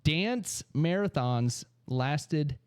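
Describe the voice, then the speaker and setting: A man co-hosting a casual podcast, reading quick trivia facts with laughs. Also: a little high, expressive, clean tone, dry recording. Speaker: podcast co-host.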